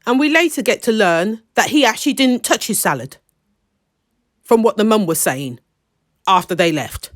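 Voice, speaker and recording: Animated woman reviewing TV. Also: mid-range voice, moderate pace, long pauses. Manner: animated and indignant, emphatic asides. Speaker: TV drama reviewer. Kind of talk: casual opinionated review.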